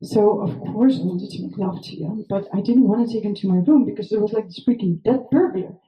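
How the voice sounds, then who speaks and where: A woman with a medium-pitched, fairly quick voice and dull audio tells a wild personal story in a casual, rambling way, swearing freely and dropping fillers. English is not her first language. The recording has an echoey room and faint noise.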